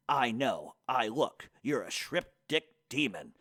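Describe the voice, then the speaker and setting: A man hosts his radio show, reading out hate mail and answering it with crude, mocking put-downs. His voice sits at an ordinary middle pitch. The recording is dry and close, with no room sound. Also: very animated, slow, few pauses, a bit bright, no echo. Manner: profane, mocking, combative.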